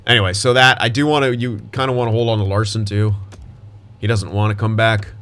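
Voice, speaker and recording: A man's voice: on the low side, steady tone, fairly quick, fairly bright tone. A young man giving casual gameplay commentary as a gaming YouTuber, thinking aloud and restarting his sentences, with hiccups and voice cracks.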